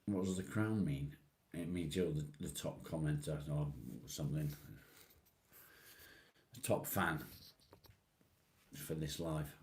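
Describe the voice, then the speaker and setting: A man's voice: very deep voice, steady tone, slow pace, pauses often, darkish tone. A man from England, hosting a live stream and casually answering viewer comments one by one, calling people mate. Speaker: livestream host.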